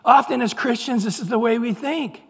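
A middle-aged pastor preaches in an earnest, conversational way, his voice sitting high for a man. He drops into playful put-on voices now and then. Long reverb hangs behind him in the sanctuary. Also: moderate pace, gravelly, breathy edge. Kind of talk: sermon. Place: church sanctuary.

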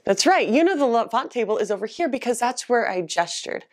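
A woman talks through an instructional video for optical staff, her pitch leaping up and down as she acts out sample lines. Her voice sits a little high and stays expressive and lively. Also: a little fast. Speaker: optical business coach.

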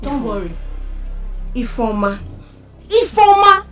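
A woman's voice: sing-song, takes it slowly, a bit bright, faint music behind, heavily acted. An actress with a Nigerian accent playing an angry wife who warns a rival off her husband. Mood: indignant. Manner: shrill, indignant. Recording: echoey, from far off the mic.

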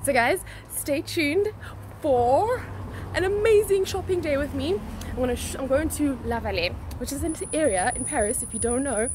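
Bubbly high-voiced woman vlogger. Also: expressive, moderate pace, background noise. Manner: bubbly, chatty, slangy. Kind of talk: casual vlog to camera.

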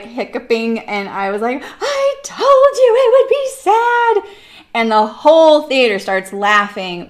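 Woman sewing host, forties, casual rambling chat, mid pitch, fillers and restarts. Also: fairly bright tone. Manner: chatty, rambling storyteller with frequent fillers and laughs. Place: home sewing room.

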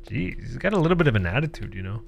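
A man's voice: mid-range voice, very animated, racing, vocal fry. A man doing comedic commentary while playing a horror game, joking, sarcastic, laughing often and reading the game's text aloud. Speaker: gaming streamer.

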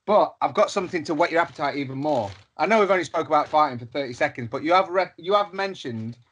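A man co-hosting a podcast, chatting casually as an animated storyteller who swears freely and acts out the people in his stories. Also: a little high, fast talker, slightly rough, highs cut off. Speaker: podcast co-host. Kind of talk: casual chat.

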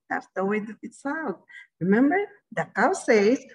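A woman's voice: medium pitch, sing-song, unhurried, darkish tone, slightly rough, dull audio. A woman singing a children's farm song for young kids, playful and full of animal sounds, over a video call. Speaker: early years facilitator.

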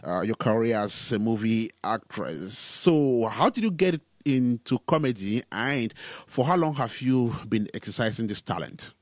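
Lively-voiced male radio interviewer. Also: medium pitch, unhurried, few pauses, no echo. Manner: hesitant, many "uh" fillers between phrases. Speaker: radio show host, interviewer.

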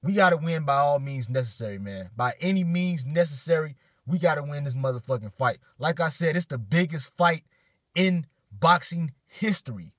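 A man's voice: fairly high pitch, expressive, normal speed, fairly bright tone, dry recording, studio quality. A man reacting on his vlog in a hyped, profane rant, getting emotional and choked up. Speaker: boxing fan vlogger. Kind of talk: excited fan reaction vlog.

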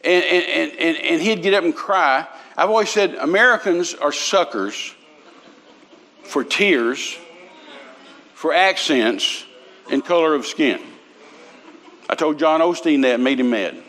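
Folksy older preacher telling stories. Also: male voice, a little high, expressive, measured pace, long pauses, fairly bright tone. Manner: folksy, humorous storytelling with lots of restarts. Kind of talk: storytelling sermon.

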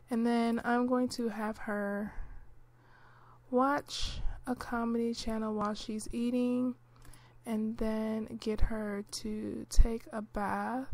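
Chatty woman with a gravelly edge. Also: fairly high pitch. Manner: chatty, relaxed, many fillers. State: clearing throat, hiccuping and coughing. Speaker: gameplay commentator. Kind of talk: casual gameplay narration.

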